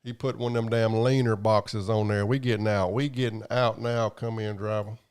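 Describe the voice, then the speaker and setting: A livestream host rambles casually and profanely in a drawl while reading viewer comments. His voice is lowish and smooth with a darkish tone, fairly even intonation, and normal speed.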